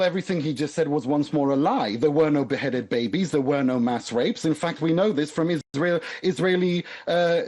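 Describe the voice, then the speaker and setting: A man's voice: a little high, darkish tone. A man on a televised news panel, arguing in a combative, mocking, sarcastic way over a remote video link. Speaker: panelist, commentator. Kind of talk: heated panel debate.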